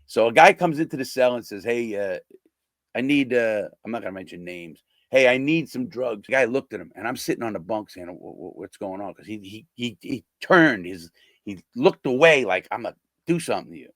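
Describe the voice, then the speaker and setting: A man's voice: mid-range voice, expressive, moderate pace, a bit bright, dry recording. An older man, a former prisoner, talking bluntly and casually to his viewers, swearing and acting out the people he quotes.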